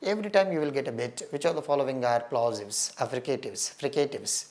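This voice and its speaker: A man's voice: medium pitch, brisk, darkish tone. Indian english guy doing an exam prep lecture, earnest, keeps saying my friend, hammers the important stuff. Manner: earnest, stresses key points, calls listeners "my friend". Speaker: teacher.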